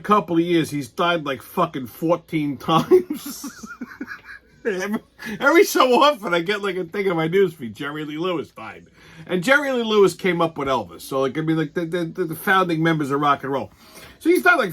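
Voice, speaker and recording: A man's voice: high voice, bright, forceful tone. A man hosting a weekly show, delivering a profane, sarcastic comedic news rant. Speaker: host.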